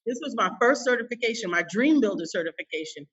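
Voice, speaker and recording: Bright-voiced woman telling a story. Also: on the high side, animated, quick pace, recorded from a distance, highs cut off. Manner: emphatic, emotional, folksy. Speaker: business coach guest. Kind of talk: animated personal storytelling.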